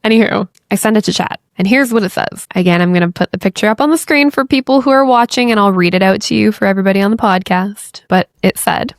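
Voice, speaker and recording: A woman's voice: mid-range voice, fast talker, hardly any pauses, no room sound, clean studio sound. A young woman hosting a podcast, telling a story in a loose, chatty way full of fillers and the odd swear word. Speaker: podcast host. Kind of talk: casual storytelling chat.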